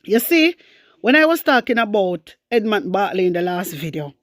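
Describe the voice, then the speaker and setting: A woman with a Jamaican accent giving scornful, animated political commentary, mixing patois with English. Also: mid-range voice, moderate pace, no room sound, studio quality. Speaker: commentary vlogger.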